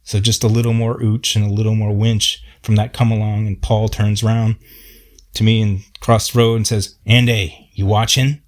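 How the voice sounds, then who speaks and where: A man's voice: lowish voice, completely flat delivery, normal speed, darkish tone. A man telling a personal story in a folksy, plainspoken way.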